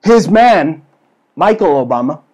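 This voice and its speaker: A man's voice: fairly high pitch, sing-song, a little slow, a little mellow, husky. A man hosting a comedy show with a brash, crude, ranting delivery. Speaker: host. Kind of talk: comedic political rant.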